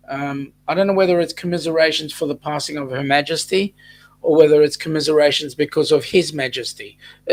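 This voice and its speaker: A man's voice: on the high side, rough recording. An Australian man hosting a casual livestream chat, reading out viewer comments and answering them. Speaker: host of a weekly cruise chat livestream.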